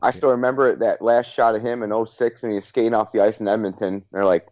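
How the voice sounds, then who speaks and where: A man in his late thirties co-hosts a podcast in a relaxed, profane chat and laughs easily. His voice sits low. The recording is slightly dull and dry. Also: dry recording. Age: 30s. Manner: laid-back, profane, quick to laugh. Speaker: podcast co-host. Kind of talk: casual chat.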